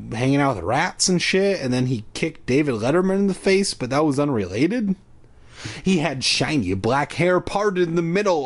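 A man reading a children's horror book aloud for laughs, drinking as he goes and breaking off for profane, mocking asides. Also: medium pitch. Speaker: reader. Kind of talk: comedic read-aloud of a kids' horror book.

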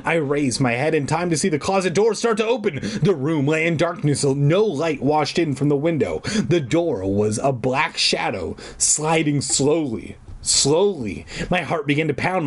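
A man's voice: fairly high pitch, breathy edge. A man reading a children's horror book aloud, breaking off for profane, sarcastic asides. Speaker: reader. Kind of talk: casual read-aloud with comic asides.

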